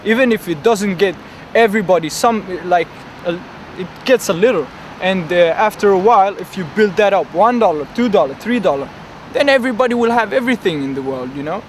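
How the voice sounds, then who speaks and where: A man's voice: high voice, expressive, a little fast. A man doing a boastful dreamer by traffic. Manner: rambling, boastful, full of fillers. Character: grandiose, dreamy young man with big ambitions. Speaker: interviewee. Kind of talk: comedic street interview. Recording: outdoor traffic noise.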